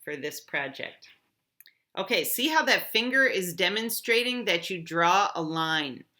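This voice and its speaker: A woman teacher walking students through an app step by step, clear and encouraging. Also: lowish voice, lively intonation, unhurried, bright, forceful tone.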